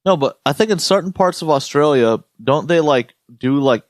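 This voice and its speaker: A man's voice: fairly high pitch, normal speed, dry recording, studio quality. A young man co-hosting a podcast, talking casually and ranting with lots of swearing. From United States. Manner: profane, ranting, animated storytelling. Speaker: podcast co-host. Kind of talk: casual chat.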